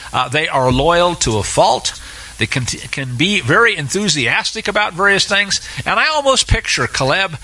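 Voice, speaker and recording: A man teaching through Scripture in an animated, sarcastic way, with many filler uhs. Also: on the high side, poor audio. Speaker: Bible teacher. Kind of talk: expository Bible teaching.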